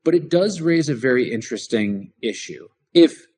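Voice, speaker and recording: A man's voice: medium pitch, animated, normal speed, darkish tone. A man co-hosting a political talk show, explaining his points in a conversational way and often restarting his sentences. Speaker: podcast co-host.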